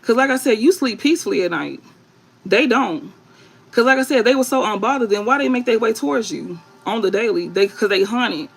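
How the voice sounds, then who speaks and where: Gravelly woman giving a blunt tarot reading. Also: fairly high pitch, lively intonation, brisk, a little hiss or hum, poor audio. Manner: emphatic, blunt, repetitive, swears. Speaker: tarot reader. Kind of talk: spiritual reading to viewers.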